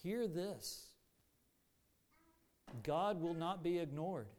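A man preaching a sermon to a congregation in an earnest, deliberate manner with rising emphasis. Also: fairly high pitch, a little mellow. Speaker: pastor.

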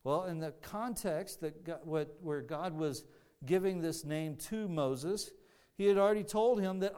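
A man's voice: a little high, measured pace, darkish tone, clean tone. A man preaching a sermon, earnest and teaching, often restarting his phrases. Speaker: pastor.

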